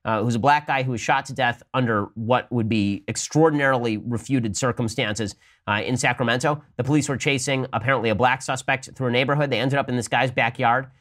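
A male podcast host in the middle of his range, talking politics at a rapid clip. His delivery is argumentative and pointed, with the pitch climbing whenever he presses a point. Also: fairly bright tone. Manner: rapid-fire, argumentative, rising emphatic pitch when making a point. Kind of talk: fast political commentary.

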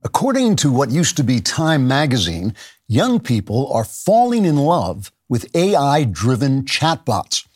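Older man, satirical host, deadpan, mock-solemn, swooping pitch. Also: measured pace.

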